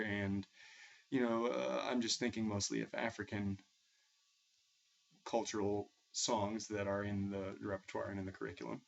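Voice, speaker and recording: A man's voice: on the low side, gravelly, a bit bright. A young man from Massachusetts with a New England accent, a music teacher thinking aloud in a hesitant, reflective way with many restarts. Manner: thoughtful, hesitant, with frequent restarts. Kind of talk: casual spoken reflection. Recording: dull lo-fi recording.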